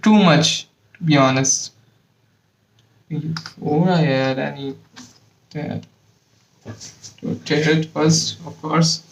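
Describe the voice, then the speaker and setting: A man's voice: on the high side, level tone, slow pace, long pauses, dull audio. A young man working alone at a bench, muttering measurements and swearing in frustration as he goes. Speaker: hobbyist lab vlogger. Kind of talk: casual working commentary. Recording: echoey room, distant mic.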